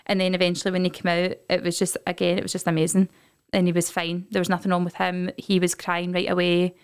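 A woman's voice: fairly low pitch, quick pace, clean tone, no echo, clean studio sound. A young Scottish woman chatting on a podcast, telling her birth story and acting out what people said. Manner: lively storyteller, acts out quotes. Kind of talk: casual chat.

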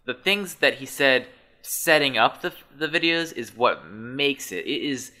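A man co-hosting a loose podcast conversation. His voice is very bright and cutting at an ordinary male pitch. He rambles, restarts his sentences and slips in sarcastic asides. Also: expressive, measured pace. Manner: rambling, self-correcting storyteller, sarcastic. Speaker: podcast co-host. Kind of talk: casual chat.

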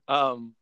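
An American man chatting as a podcast guest, animated and laughing often, with lots of fillers and restarts. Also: dry recording, muffled recording. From United States. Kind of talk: casual chat.

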